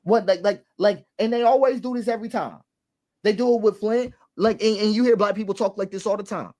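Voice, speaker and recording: A man's voice: high-pitched, a little fast, mellow. A man hosting an online show, delivering impassioned political commentary with emphatic repetition and long lists. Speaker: commentary host.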